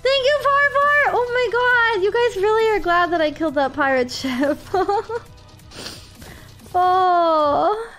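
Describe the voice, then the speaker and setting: A woman's voice: extremely high pitch, slow, a bit bright, soft background music. A woman streaming a game, chatting casually and emotionally thanking her viewers, close to tears. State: tearful. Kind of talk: casual live-stream chat while gaming.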